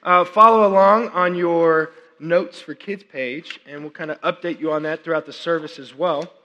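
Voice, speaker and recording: A man in his thirties, a worship pastor preaching a sermon, chatty and animated with many fillers and restarts, audibly unwell and working to clear his throat. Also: fairly high pitch, normal speed, highs cut off. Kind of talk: sermon with personal storytelling. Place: church service. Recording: long reverb of a large hall.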